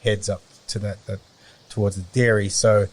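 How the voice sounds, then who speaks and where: A middle-aged Australian man chatting as a podcast guest, rambling and often pausing to search for words. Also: fairly low pitch, flat delivery. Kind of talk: casual conversation.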